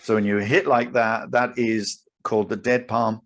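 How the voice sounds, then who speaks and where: A man's voice: fairly low pitch, little pitch movement, moderate pace. A man co-hosting a casual podcast, explaining at length with restarts and easy laughs. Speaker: podcast co-host. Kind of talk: casual chat.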